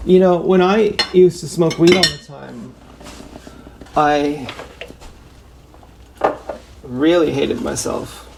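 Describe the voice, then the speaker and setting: A slow, halting vlogger with a gravelly, creaky voice who sounds unsure and sighs often. The talk is casual and rambling, recorded at a kitchen sink with a loud running tap and clattering dishes right behind it. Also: medium pitch, fairly even intonation, background noise. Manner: unsure, sighing, halting delivery. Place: home kitchen, washing dishes.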